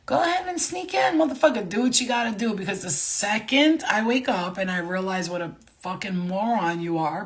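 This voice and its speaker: Heated, profane woman ranting. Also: mid-range voice. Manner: profane, heated and emphatic, swearing often; loose, casual phrasing with many fillers. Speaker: spiritual medium vlogger. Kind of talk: unscripted rant to camera.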